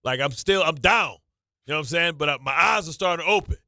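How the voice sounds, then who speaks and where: A man's voice: a little high, expressive, fast talker, pushed and bright, dry recording, clean studio sound. A man hosting a sports radio show, talking in nervous, stammering, repeating bursts of banter. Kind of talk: excitable sports talk banter.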